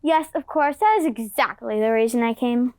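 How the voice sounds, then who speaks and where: A woman's voice: on the high side, normal speed, darkish tone, dry recording, clean studio sound, close to an everyday voice. A woman playing the jealous, scheming queen of the gods in a student class play, sly and theatrical. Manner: sly, theatrical, sugary-sweet menace.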